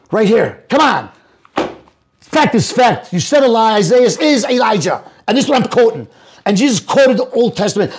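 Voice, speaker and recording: A man, a pastor, arguing heatedly in a debate, shouting accusations and quoting scripture, at times breaking into chant-like speech. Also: high-pitched. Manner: bursts into tongues-like chanting.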